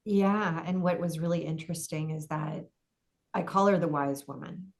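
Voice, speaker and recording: A middle-aged woman with a fairly low voice tells her story as a podcast guest. She talks vividly, acting out her own thoughts along the way. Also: normal speed. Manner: vivid, dramatic storytelling with acted-out inner voices.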